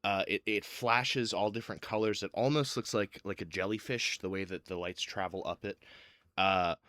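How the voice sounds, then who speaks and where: A man's voice: on the low side, fairly even intonation, moderate pace, a bit bright, no echo, studio quality. A man running a tabletop game as game master, narrating casually with many fillers.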